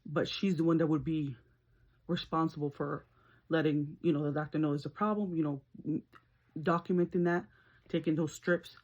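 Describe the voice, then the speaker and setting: A woman's voice: moderate pace, lo-fi sound. A woman vlogger telling a story in a casual, chatty way while doing her makeup, laughing as she talks. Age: adult, works as a nurse. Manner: chatty and animated, laughs, slips into high-pitched screams when retelling. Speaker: beauty vlogger.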